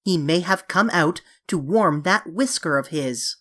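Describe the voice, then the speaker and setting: A woman's voice: on the low side, lively intonation, a little slow, a bit bright. A woman voicing an eager, coaxing young English girl who pleads dramatically, in a storybook reading. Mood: pleading.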